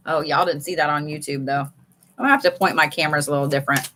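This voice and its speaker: A woman's voice: on the low side, fairly quick, a bit bright, a little hiss or hum. A woman giving a casual live card reading from home, chatty and swearing freely. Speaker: live tarot reader. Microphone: streaming setup.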